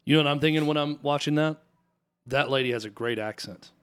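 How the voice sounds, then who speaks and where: A man's voice: on the high side, brisk, clean tone. A man co-hosting a sports talk show, musing in a casual, conversational way. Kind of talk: casual chat.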